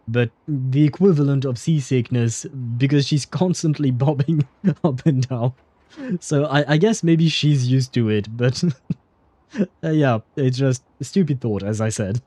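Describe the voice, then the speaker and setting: A man's voice: medium pitch, warm tone, no room sound. A man streaming a game, chatting casually in a rambling, hesitant way, with many fillers and chuckles. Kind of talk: casual livestream commentary.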